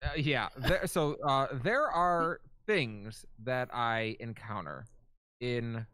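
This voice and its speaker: A guest on a gaming podcast, talking in an animated, playful, theatrical way. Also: mid-range voice, slow pace, smooth, dry recording, studio quality. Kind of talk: casual chat.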